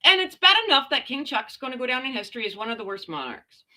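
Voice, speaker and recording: Blunt, lively-voiced sarcastic woman vlogger. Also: high-pitched, fast. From Canada. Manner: blunt, sarcastic, slangy, mild swearing. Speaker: commentary vlogger. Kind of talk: casual ranting commentary.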